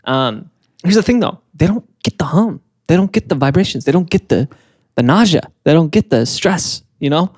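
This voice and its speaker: A man's voice: on the high side, expressive, normal speed, a little mellow, no room sound, clean studio sound. A man co-hosting a casual comedy podcast, telling a story with frequent ums and bursts of laughter. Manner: laughs often, many ums and restarts.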